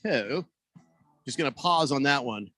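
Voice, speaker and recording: A man's voice: mid-range voice, expressive, a little slow, sharp tone, dry recording. A man hosting a sports radio show in a loose, joking way, a little out of breath, rambling and restarting as he tells a story. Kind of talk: casual sports radio talk. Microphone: studio microphone.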